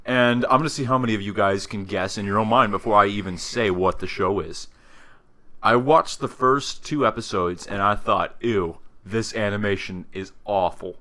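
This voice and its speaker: A man co-hosting a podcast, telling anecdotes in casual chat with a teasing, deadpan manner. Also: on the low side, moderate pace. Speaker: podcast co-host.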